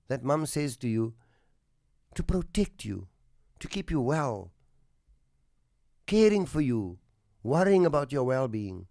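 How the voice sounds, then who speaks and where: A man hosts a radio talk show and tells a moral story slowly and earnestly, his voice sinking to a hush at the tender parts. His pitch sits in a middle range for a man. The studio sound is dry and close. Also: big pitch swings, dry recording. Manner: slow, earnest storytelling, soft and hushed at emotional moments.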